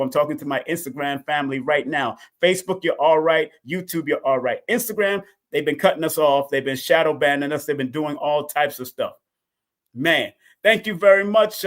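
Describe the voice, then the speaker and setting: A man hosting a live call-in stream, talking casually and repeating himself with lots of energy. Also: a little high. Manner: repetitive, animated, talks to chat and callers.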